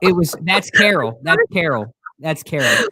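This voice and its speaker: Male co-host for a casual live stream: lively swinging pitch, stumbles and restarts often, dry close sound. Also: moderate pace, dry recording. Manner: stammering restarts, greets viewers by name.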